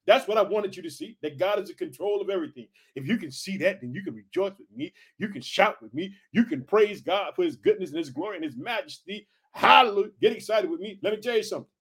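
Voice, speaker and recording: High-voiced energetic man preaching. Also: fast talker, breathy edge. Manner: energetic, calls out to listeners as family. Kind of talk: informal sermon reading scripture.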